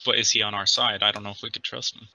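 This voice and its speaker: A man's voice: lowish voice, flat delivery, racing, creaky, bright, forceful tone, poor audio. A man taking part as a player in a tabletop role-playing game, asking questions with small stumbles.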